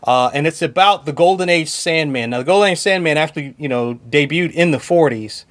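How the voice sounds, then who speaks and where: A man's voice: fairly high pitch, brisk, a bit bright. A man co-hosting a podcast in casual chat, talking enthusiastically and often laughing between points. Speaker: podcast co-host.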